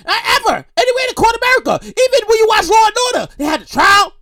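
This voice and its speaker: A man hosting his own comedy show, rambling and repeating himself, with animated outbursts. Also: very high-pitched, quick pace. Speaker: podcast host. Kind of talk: comedic solo monologue.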